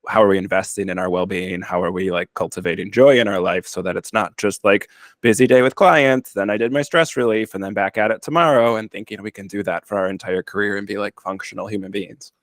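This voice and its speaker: A male podcast host with a fairly low voice talks things through in a relaxed, affirming way. His delivery is conversational and reflective. The recording is dry and close-miked. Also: fairly quick, no room sound.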